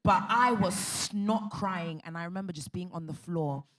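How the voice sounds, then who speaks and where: A woman's voice: fairly low pitch, normal speed. A woman speaking on a conference panel, telling a candid personal story in an earnest, emphatic way. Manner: earnest, emphatic, faith-filled.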